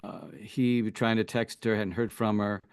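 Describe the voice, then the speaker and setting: A man's voice: lowish voice, fairly even intonation, normal speed, smooth, no echo. Reflective male coach, dry close sound. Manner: thoughtful, frequent "you know" and restarts. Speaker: relationship coach, guest. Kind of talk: casual interview talk.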